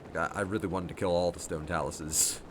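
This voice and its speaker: A man's voice: low-pitched, steady tone, a little fast, background noise. A man giving casual let's play commentary who thinks aloud, laughs often and swears freely. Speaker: game streamer.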